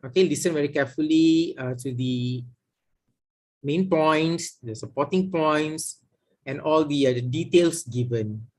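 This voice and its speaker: A middle-aged man with a Malaysian English accent gives a classroom lecture, his voice sitting a little on the high side. He explains step by step and keeps tying his points together with "okay" and "all right". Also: unhurried, a little mellow. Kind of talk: classroom lecture on exam listening skills.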